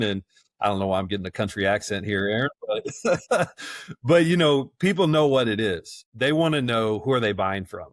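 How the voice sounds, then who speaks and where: A man's voice: on the low side, expressive, moderate pace, no echo, studio quality. A man on a podcast as a guest, talking in a casual, folksy and enthusiastic way, laughing often and repeating words as he goes. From South Georgia, US. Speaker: guest, event rental business owner.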